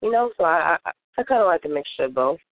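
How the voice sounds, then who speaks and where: A woman's voice: on the low side, lively intonation, quick pace, dry recording. A woman rapper answering interview questions in an earnest, upbeat way. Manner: earnest and upbeat, lists things fondly. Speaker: guest rapper. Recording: tinny phone-line audio.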